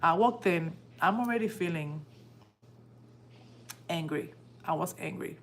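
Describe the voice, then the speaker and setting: Lower-voiced woman telling a story. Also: measured pace, a little hiss or hum. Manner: animated, emotional retelling that acts out quoted dialogue. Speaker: livestream host. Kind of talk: casual storytelling to a live audience.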